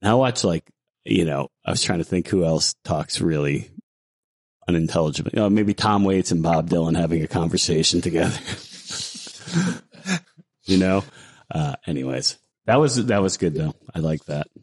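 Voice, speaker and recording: A man's voice: deep voice, animated, moderate pace, darkish tone. A man hosting a casual podcast chat, joking around and laughing at his own bits. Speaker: podcast host.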